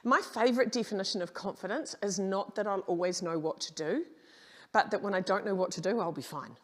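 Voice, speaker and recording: A middle-aged woman, giving a conference presentation in an animated, frank storytelling manner with quoted dialogue. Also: mid-range voice, brisk. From New Zealand. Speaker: keynote speaker.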